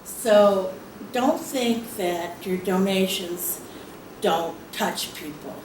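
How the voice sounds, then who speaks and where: A woman's voice: mid-range voice, drawn-out words. Chatty woman in an echoey hall. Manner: chatty, laughing storyteller with fillers. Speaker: guild member speaking on charity. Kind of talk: telling stories at a meeting. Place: meeting hall. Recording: echoey hall from far off, hiss.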